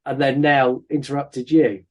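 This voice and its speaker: A man's voice: medium pitch, flat delivery, a little slow, muffled recording. A man hosting a podcast, chatting casually about a film with many ums. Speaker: podcast host. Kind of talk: casual film review chat.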